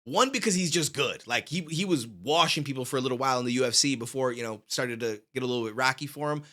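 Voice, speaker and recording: A man's voice: mid-range voice, quick pace, sharp tone. A man hosting a reaction video, chatting casually and with energy, full of slang, on a studio microphone. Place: home studio.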